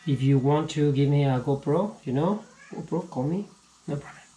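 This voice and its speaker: A man teaching a casual physics lesson, halting and repeating words as he explains, recorded on an action camera at home. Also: a little high, dark tone. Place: home room. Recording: echoey room with faint ambience.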